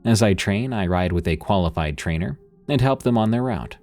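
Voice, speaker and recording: A man narrating true scary stories in a scripted storytelling style, with a steady, even delivery. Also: lowish voice, normal speed, faint music behind.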